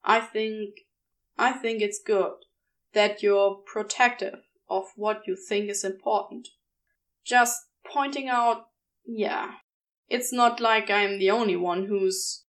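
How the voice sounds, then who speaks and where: A woman reading a podfic, voicing a guarded, sardonic man who speaks haltingly and corrects himself. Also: fairly high pitch, steady tone, far from the mic. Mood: wry. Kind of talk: audiobook reading.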